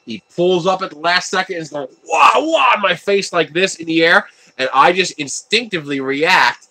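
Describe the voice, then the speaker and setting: While assembling a 3D printer on a relaxed livestream, a man chats with viewers, answers their messages, tells stories, and laughs a lot. His voice is on the high side, pushed and bright, at a moderate pace.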